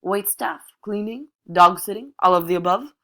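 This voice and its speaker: A woman's voice: medium pitch, normal speed, fairly bright tone, pitched above the performer's own voice, close to an everyday voice. A woman voicing a slender, wry male cook who speaks offhandedly with an unplaceable accent.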